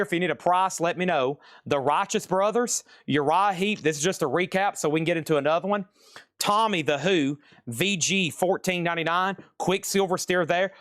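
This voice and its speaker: A man's voice: high voice, a bit bright, no echo, clean studio sound. A man hosting a live online record sale, rattling off items and prices in casual, chatty sales patter. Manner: brisk, rattles off item lists and prices; casual, chatty asides to viewers. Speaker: live auction host selling vinyl records.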